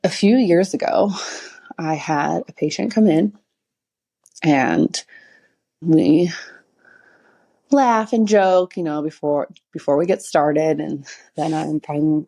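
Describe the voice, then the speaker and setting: Low, husky-voiced woman chatting. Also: slow, pauses often, warm tone. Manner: rambling storytelling with frequent laughs and acted quotes. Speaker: podcast host and chiropractor. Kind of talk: casual solo podcast monologue.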